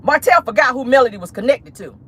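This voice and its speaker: A woman's voice: sits high, animated, fast talker, a bit bright, husky. A woman giving casual pop-culture commentary on her vlog, emphatic and preachy, with frequent profanity. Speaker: commentary vlogger.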